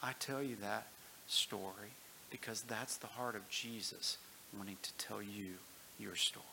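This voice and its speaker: A man leading a church class, first reading a story aloud, then giving earnest, calm instructions. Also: lowish voice, a little slow, vocal fry, slight background noise, rough recording.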